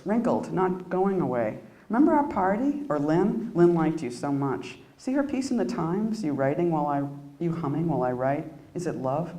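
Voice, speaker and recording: A woman with a low voice reads her own poems aloud in an echoey room. Between pieces she stumbles through halting, self-mocking asides. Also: mellow. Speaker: poet giving a reading. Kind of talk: live poetry reading. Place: indoor reading room at an arts center.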